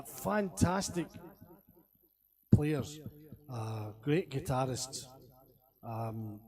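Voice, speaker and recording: Chatty Scottish man with a higher voice. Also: warm tone. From Scotland. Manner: chatty, rambling, laughs between stories. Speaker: singer streaming to friends. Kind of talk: casual chat between songs. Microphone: webcam stream.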